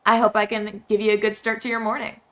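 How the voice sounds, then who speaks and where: A woman voicing a friendly alien villager with a put-on Southern accent, reading game dialogue aloud in a gentle way. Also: medium pitch, little pitch movement, fast talker, voice pushed up, lightly acted. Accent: put-on American Southern.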